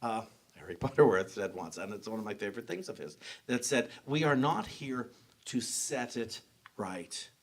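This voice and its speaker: A pastor's lowish, expressive voice carries at a normal speed through the church sanctuary as he preaches. He keeps the sermon personal and conversational, often breaking off to restart what he's saying.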